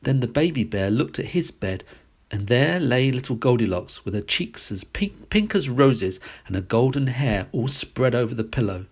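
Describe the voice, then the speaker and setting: A man reading a classic fairy tale aloud as a storyteller, expressive and sing-song. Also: medium pitch, normal speed, husky.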